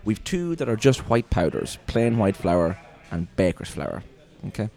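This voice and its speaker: A man's voice: lowish voice, measured pace, vocal fry. A man, hosting a podcast and telling funny, swearing-laden stories from work in a casual chat. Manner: swearing, animated storyteller acting out customers. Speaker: podcast host.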